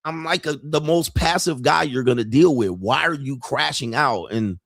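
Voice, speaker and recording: A man's voice: medium pitch, moderate pace, creaky, no echo, studio quality. Man ranting crudely on a livestream. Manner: animated, mimics people. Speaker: livestream host. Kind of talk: crude comedic rant.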